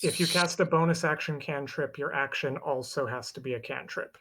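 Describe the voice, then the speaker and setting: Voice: medium pitch, fairly quick, a bit bright. A player at a tabletop game who patiently explains the official rules to the group.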